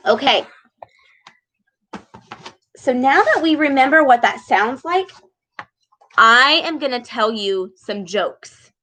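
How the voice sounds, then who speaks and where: A young woman leading a speech lesson for children, animated and exaggerated, with frequent gasps and slow, deliberate words. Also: fairly high pitch, husky, poor audio. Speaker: speech therapist reading with children.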